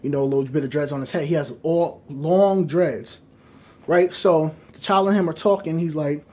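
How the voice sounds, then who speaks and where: A man's voice: on the high side, moderate pace, warm tone. A man reviewing movies, rambling through casual fan speculation and often checking in with his listeners. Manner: rambling, keeps asking "right?" and hedging.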